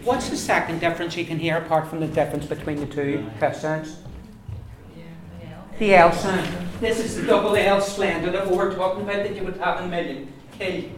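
A language teacher with a Donegal accent runs a pronunciation class, patiently repeating each syllable over and over at a slightly fast pace in an ordinary middle pitch. The mic is far away in a very echoey room, with steady background noise and crowd sounds.

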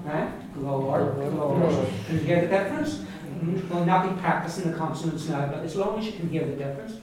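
A man with an Irish accent leads a classroom pronunciation lesson, saying words over and over for the class to repeat. His voice sits a little high and reaches the mic from some distance. The room is very echoey, with faint noise behind him. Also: brisk, over a noisy crowd. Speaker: Irish language teacher.

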